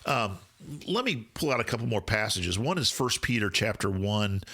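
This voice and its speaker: A man's voice: lowish voice, lively intonation, moderate pace, sharp tone. A man co-hosting a casual Bible discussion podcast, explaining scripture thoughtfully, with frequent restarts. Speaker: podcast co-host, Bible teacher.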